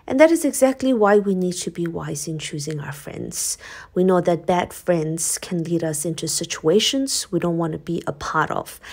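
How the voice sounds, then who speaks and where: A woman's voice: on the low side, a little mellow. A young woman vlogger talking casually to her viewers, earnest and encouraging, laughing often. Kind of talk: casual vlog talk to camera.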